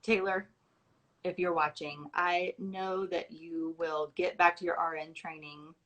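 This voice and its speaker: Lowish casual woman reading nominations. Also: flat delivery, a little slow, muffled recording. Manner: warm, informal, reads nominations with asides and fillers. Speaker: host announcing scholarship recipients. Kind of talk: casual livestream talk. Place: at home.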